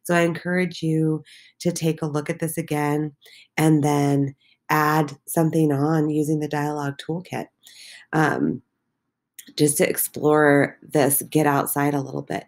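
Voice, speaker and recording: A woman's voice: deep voice, flat delivery, unhurried, a little mellow. A woman teacher walking her middle school class through the day's posts, encouraging, with many filler ums. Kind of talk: recorded class walkthrough.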